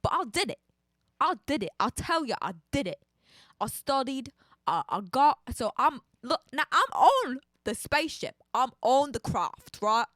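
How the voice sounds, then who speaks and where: A woman putting on a tough-talking Cockney astronaut, blunt and streetwise. The voice swings widely in pitch, in a dry close sound. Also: sing-song, a little slow, fairly bright tone, no echo, full character voice. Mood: boastful. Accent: put-on Cockney.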